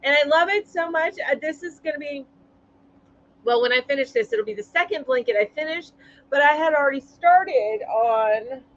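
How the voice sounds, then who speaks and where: A woman with a high voice hosts a relaxed live chat, greeting viewers one after another and laughing easily between thoughts. The audio is somewhat dull and lo-fi. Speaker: livestream host.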